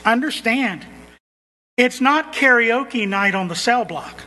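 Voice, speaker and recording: Emphatic high-voiced male preacher in a hall. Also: animated, takes it slowly, pushed and bright. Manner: emphatic, repeats phrases for stress. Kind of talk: sermon.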